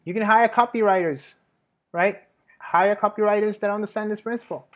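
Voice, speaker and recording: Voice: medium pitch, brisk, highs cut off. A host giving a casual marketing tutorial, chatty and self-correcting, with frequent restarts. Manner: plugs own services with a laugh. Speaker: host, web marketing advisor.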